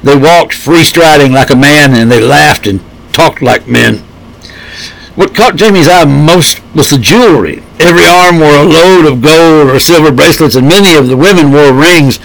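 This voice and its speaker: Man reading a story aloud, higher voice. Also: normal speed, gravelly, a bit bright, rough recording. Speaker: narrator.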